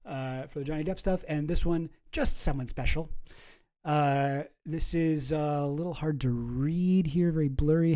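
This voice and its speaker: A man's voice: fairly high pitch, fairly even intonation, unhurried, darkish tone. A man hosting casual online commentary, wry and sarcastic as he reads through documents.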